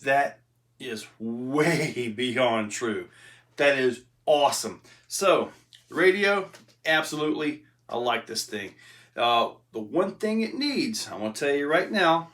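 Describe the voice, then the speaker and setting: A middle-aged man casually commenting while driving an RC crawler outdoors, chatty and easily excited, laughing often. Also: mid-range voice, takes it slowly, dry recording. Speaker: RC hobby reviewer. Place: outdoors on a rock trail. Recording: distant mic, faint outdoor noise.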